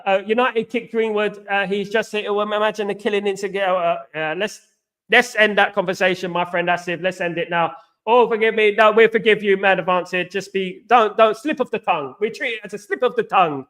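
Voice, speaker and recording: Man, 40s, high voice, casual live-stream football chat, repeats himself, reads viewer comments. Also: a bit bright. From East London, England. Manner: repetitive, says absolutely a lot, reads out viewer comments. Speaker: host of a football fan show.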